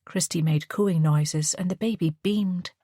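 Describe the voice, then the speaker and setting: A woman narrating an audiobook in a measured storytelling manner. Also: on the low side, mellow, breathy edge, no room sound, clean studio sound. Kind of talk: scripted narration.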